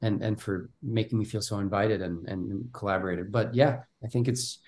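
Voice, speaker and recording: Animated man with a Bulgarian background. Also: on the low side, moderate pace, slight background noise. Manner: animated, repeats words when starting thoughts. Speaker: actor guest. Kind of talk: casual interview talk.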